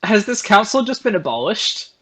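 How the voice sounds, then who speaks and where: A woman's voice: mid-range voice, sing-song, normal speed, over a noisy crowd. A woman playing in a live-streamed tabletop game, laying out her reasoning step by step. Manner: reasoned, explanatory. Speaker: player.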